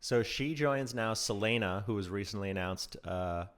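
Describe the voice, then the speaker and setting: A man's voice: fairly low pitch, clear, resonant tone. A man co-hosting a casual news podcast, reading news with frequent ums and restarts. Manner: halting, many ums and restarts. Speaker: podcast co-host.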